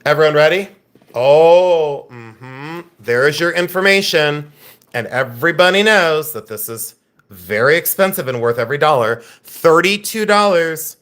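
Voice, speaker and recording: American man, live auction host, slightly high voice, joking, rambling. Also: animated, unhurried, fairly bright tone. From United States. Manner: joking, teasing viewers, rambling. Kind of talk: casual live-stream sales chat.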